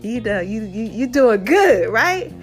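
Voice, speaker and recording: A chatty, animated woman vlogging straight to her viewers, out of breath as she talks. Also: a little high, slow, soft background music. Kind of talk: casual talk to camera.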